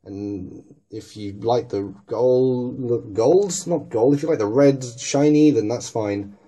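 A man's voice: medium pitch, dark tone. A man casually narrating a tour of his collection, rambling and correcting himself with plenty of ums, filming on a handheld camera in a dim room at home. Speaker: toy collector vlogger. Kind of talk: casual show-and-tell narration.

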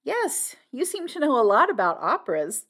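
Woman voicing an impulsive young woman, high eager outbursts, very lively pitch, audiobook. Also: moderate pace, slightly rough, full character voice.

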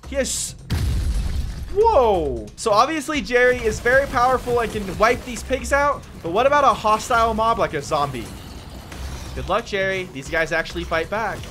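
Lively young man narrating Minecraft pranks. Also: high voice, normal speed. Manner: playful, drops to a hushed voice when sneaking. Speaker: gaming channel host. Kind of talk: Minecraft gameplay commentary. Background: background music.

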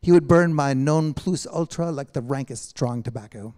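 A man's voice: mid-range voice, moderate pace, a little mellow, natural voice. A man reading aloud and voicing a weary male poet who answers with dry, facetious understatement. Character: wry, weary male poet, gently ironic.

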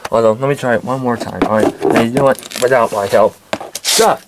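A man acting out a home-made toy skit, bickering with himself in several voices, jumping between shouted yelps and low grumbles. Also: steady tone, fast talker, very noisy.

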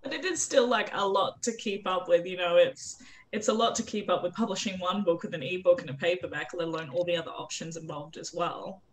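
A woman's voice: on the low side, fairly quick, low-quality recording. Earnest woman hosting an interview. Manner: encouraging, earnest, asks questions. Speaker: interview host. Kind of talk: casual interview chat.

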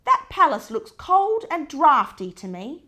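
A prim, stern old grandmother, as a woman reading aloud puts her on, bossy and sniffy about manners. She speaks slowly and pointedly, her pitch rising and falling sharply. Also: very animated, sharp tone, full character voice. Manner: disapproving, bossy.

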